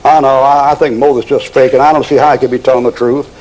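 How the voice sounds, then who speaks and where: A man's voice: medium pitch, little pitch movement, fast talker, darkish tone, voice pushed down, natural voice, poor audio. A man voicing a sulky teenage son who grumbles and doubts. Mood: grumbling. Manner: whiny, grumbling.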